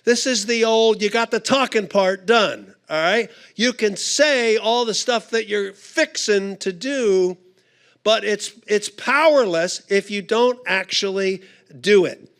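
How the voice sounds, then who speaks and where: A middle-aged man at a conference gives a humorous talk, animatedly telling a funny story and acting out its voices. His own voice is high-pitched and clean, and he takes it slowly.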